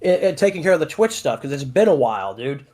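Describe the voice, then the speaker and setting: A man's voice: fairly high pitch, very animated, fast talker, darkish tone. A man who does character voices, chatting casually on a livestream and explaining things at length with many fillers. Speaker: voice actor and stream cast member.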